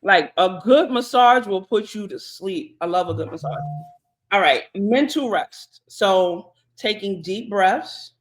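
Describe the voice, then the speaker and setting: A woman, co-hosting a podcast in relaxed, chatty talk full of fillers and asides. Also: medium pitch, unhurried. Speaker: podcast co-host. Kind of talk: casual podcast chat.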